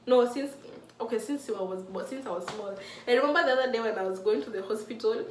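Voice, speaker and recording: A woman's voice: on the high side, fast, a little hiss or hum. A woman in her mid-twenties talking earnestly and emotionally about her faith, with many restarts, in a casual vlog. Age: mid-20s. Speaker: faith vlogger. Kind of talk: casual heartfelt talk to camera. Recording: echoey room from a distant mic.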